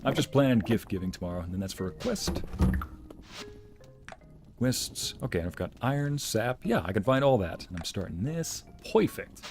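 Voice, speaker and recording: Guy streaming a farm game, super lively voice, music going behind him. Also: on the low side, moderate pace. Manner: lively, laughs often, reads game lines aloud. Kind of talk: casual gameplay chat.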